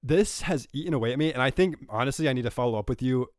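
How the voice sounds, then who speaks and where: A man's voice: medium pitch, animated, quick pace, dry recording, studio quality. A young man co-hosting a podcast, telling rambling stories in casual chat while recovering from a cold. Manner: rambling, self-correcting storyteller. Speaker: podcast co-host.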